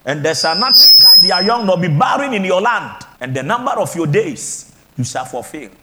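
A male pastor preaching a healing sermon, shouting fervent declarations over the congregation. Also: high-pitched, big pitch swings, moderate pace, very noisy.

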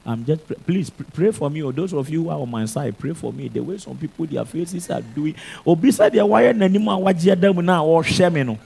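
Ghanaian pastor guy preaching, pitch jumps all over, a bit high. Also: fairly quick, creaky, few pauses, slightly rough. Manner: animated preaching mixing English and Twi. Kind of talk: sermon.

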